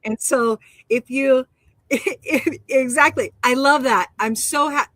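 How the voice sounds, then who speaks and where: A woman co-hosting a casual spiritual talk show, animated and emphatic, laughing often and teaching through rhetorical questions. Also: high voice, slow pace, no room sound. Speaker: co-host.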